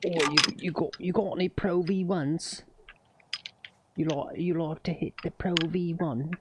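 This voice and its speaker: A man's voice: high voice, takes it slowly. A man voicing a cheeky British male golf buddy who teases and needles, recorded with noticeable noise. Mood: teasing. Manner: teasing, needling.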